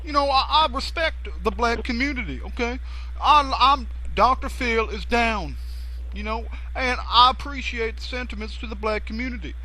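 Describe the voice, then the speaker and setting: A man's voice: extremely high pitch, moderate pace, pushed and bright, slight background noise, heavily acted, rough recording. A man voicing a mock-serious male talk show psychologist who asks crude questions with fake earnestness in an improvised comedy spoof.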